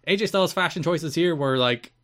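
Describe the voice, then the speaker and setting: A man's voice: on the high side, brisk, fairly bright tone. A man co-hosting a casual podcast, recapping old wrestling shows and acting out quotes in silly voices. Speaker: podcast co-host.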